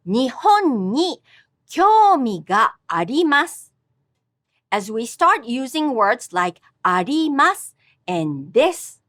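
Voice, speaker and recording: Slow, lilting woman teaching a lesson. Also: fairly bright tone, no echo, clean studio sound. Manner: slow, careful enunciation with exaggerated pitch for examples. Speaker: Japanese language teacher. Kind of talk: scripted language lesson narration.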